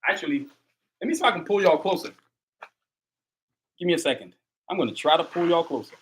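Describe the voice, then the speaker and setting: A man's voice: a little high, expressive, fast talker, husky. A man hosting his own livestream, talking casually in a hyped, motivational, slangy way straight to his viewers. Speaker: livestream host, artist.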